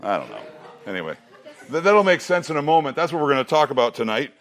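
A middle-aged man preaching to a student youth group. He says the memory lines slowly with emphasis and drops in joking asides. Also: mid-range voice, sing-song, fairly bright tone. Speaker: student ministry pastor.

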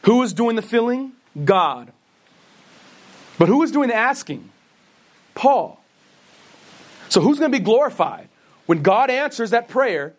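A pastor delivers a sermon in a very high, sing-song voice, unhurried and full of long pauses. He is earnest, asks questions and answers them himself, and mentions that he stutters, often restarting words.

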